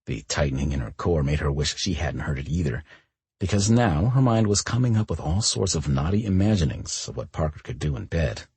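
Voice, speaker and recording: Deep, husky-voiced male narrator. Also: lively intonation, fairly quick, darkish tone, dry recording. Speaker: audiobook narrator. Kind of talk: scripted audiobook narration.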